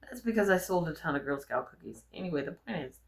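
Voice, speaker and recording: A young adult woman vlogging, telling personal stories in a frank, animated way and swearing freely. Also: deep voice, fast, gravelly. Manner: frank, profane, animated storyteller. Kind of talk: candid personal storytelling.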